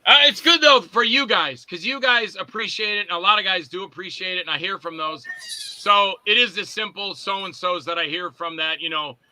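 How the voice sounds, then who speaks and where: Man, filmmaker guest, casual rambling stories, sharp bright tone. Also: sits high, very animated, normal speed, no room sound, poor audio. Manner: rambling storyteller, acts out scenes in character voices. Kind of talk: casual anecdotes.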